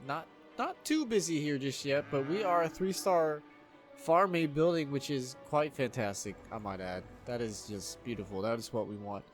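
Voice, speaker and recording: A man casually commentating his own city-building game, excitable, swearing freely and laughing often. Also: mid-range voice, moderate pace, soft background music. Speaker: gameplay video host. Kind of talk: casual let's-play commentary.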